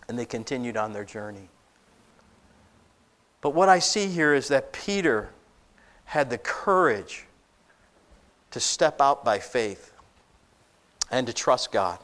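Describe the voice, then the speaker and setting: A male pastor preaching a sermon, telling a Bible story with animated asides and acted-out lines. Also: medium pitch.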